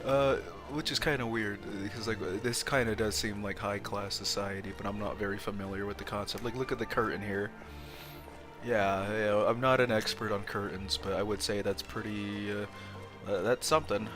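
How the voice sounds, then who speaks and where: A man's voice: fairly low pitch, fairly even intonation, normal speed, music in the background. A man casually commenting on his gameplay, rambling and joking at his own expense. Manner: rambling, joking, self-mocking. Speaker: let's play host.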